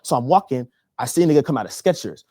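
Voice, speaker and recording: A young man from Texas doing stand-up comedy, telling a story in an animated, profane way. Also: medium pitch, fast talker, no room sound, studio quality. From Texas, USA. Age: young adult.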